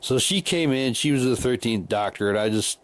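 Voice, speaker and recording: A man's voice: expressive, normal speed. A man casually recounting a haunted house night, rambling with many restarts and repeated words. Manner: drops to a quieter, lower voice for long stretches. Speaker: haunted house volunteer actor. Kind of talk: casual storytelling.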